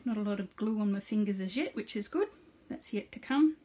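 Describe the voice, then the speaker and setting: Husky woman demonstrating crafts. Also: medium pitch, expressive, brisk, hardly any pauses, mellow. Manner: chatty, greets viewers by name, narrates each step aloud. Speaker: card-making host on a live stream. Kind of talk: casual live craft demonstration.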